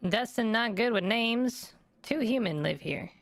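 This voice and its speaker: A skittish little opossum creeps through clipped, broken phrases, slow and wary, as a man puts him on. The voice is raised above his usual, and it sits close and dry against the mic. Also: very high-pitched, expressive, fairly bright tone, dry recording, voice pushed up, full character voice. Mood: fearful, terse. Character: small frightened male opossum, broken speech.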